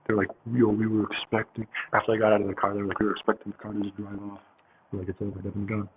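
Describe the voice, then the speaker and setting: Over tinny, phone-like audio with a faint hiss, a man rambles casually through a story, full of fillers and swearing. His voice is on the low side, monotone and racing.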